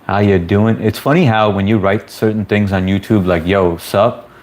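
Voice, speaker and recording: On a casual livestream, a man with a lowish, slightly mellow voice reads viewer comments aloud and greets people by name. His intonation stays fairly even, his speed is normal, and his manner is laid-back and chummy.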